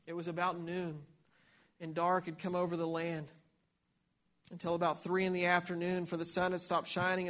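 Male pastor, sermon; high, flat-toned voice; reads Scripture, repeats words on restarts. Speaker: preacher.

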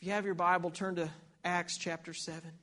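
A male preacher with a high voice that stays level and barely rises or falls. He reads Bible passages aloud and explains them, often repeating words as he restarts a phrase. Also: flat delivery, a little fast, a bit bright. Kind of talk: sermon.

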